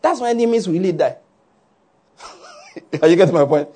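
Husky-voiced male preacher. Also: high voice, normal speed. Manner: animated, asks "are you getting my point?" often, laughs along. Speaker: pastor. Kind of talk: sermon.

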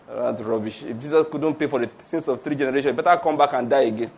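A man preaching a sermon in an animated, playful way, laughing often and having the audience repeat phrases after him. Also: mid-range voice, brisk, slightly rough.

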